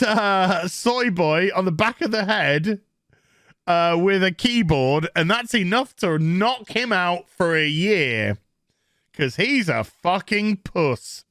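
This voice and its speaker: Yorkshire man, mocking TV review rant, high swooping voice, bright tone, dry close sound. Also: no echo. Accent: Yorkshire English. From England. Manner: sarcastic, profane, mocking impressions. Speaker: TV show reviewer. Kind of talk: ranting review commentary.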